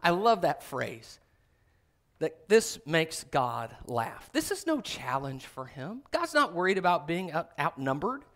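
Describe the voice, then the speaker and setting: A middle-aged man preaching a sermon, reading scripture and acting out quoted voices with big jumps in pitch. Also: big pitch swings, measured pace, a bit bright. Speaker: pastor.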